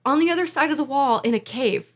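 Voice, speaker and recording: A woman from Massachusetts telling festival stories in casual podcast chat, emotional and animated, acting out what people said. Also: high-pitched, fast. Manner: animated, emotional storyteller, acts out quotes. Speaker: musician and festival organizer, guest.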